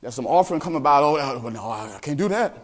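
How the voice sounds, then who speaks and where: A man's voice: fairly high pitch, animated, quick pace, pitched below the performer's own voice. A man voicing a reluctant male churchgoer who hesitantly makes excuses, stammering and evasive.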